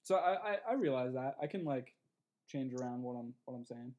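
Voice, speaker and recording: A man's voice: mid-range voice, animated, brisk, a little mellow, lo-fi sound. A young man with a Buffalo, New York accent, co-hosting a podcast in casual chat, hesitant with frequent restarts and easy laughter. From Buffalo, New York area. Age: young adult. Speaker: podcast co-host.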